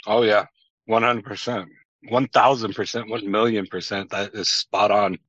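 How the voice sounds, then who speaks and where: Bright-voiced man, heartfelt and casual. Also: on the low side, fairly even intonation, moderate pace, no echo. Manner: casual, heartfelt, many fillers like "like". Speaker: podcast guest. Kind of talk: casual personal conversation. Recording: dull lo-fi sound.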